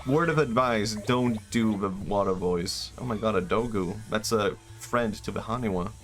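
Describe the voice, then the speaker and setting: A young man streaming a game, musing in a loose, excitable way and swearing now and then. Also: lowish voice, normal speed, faint music behind. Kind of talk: casual gaming stream commentary.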